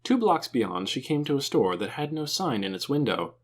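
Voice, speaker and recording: A man narrating an audiobook with an expressive, animated reading. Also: medium pitch, normal speed, slightly rough.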